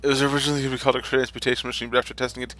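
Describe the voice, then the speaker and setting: A man's voice: mid-range voice, little pitch movement, rapid-fire, bright, forceful tone, soft background music, natural voice. Man reading a quirky game professor, plain own voice, no accent attempted. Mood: explaining. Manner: reads plainly, refuses the put-on accent. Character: eccentric male professor, inventor.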